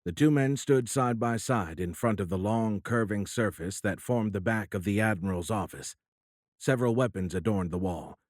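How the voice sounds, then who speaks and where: Middle-aged male audiobook narrator, low and steady, dry studio read. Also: dry recording. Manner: steady, even storytelling. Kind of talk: scripted narration.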